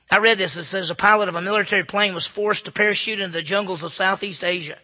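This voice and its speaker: Impassioned high-voiced preacher. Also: male voice, fairly even intonation, quick pace, few pauses. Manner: impassioned, swinging from loud calls to hushed near-whispers. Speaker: pastor. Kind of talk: sermon.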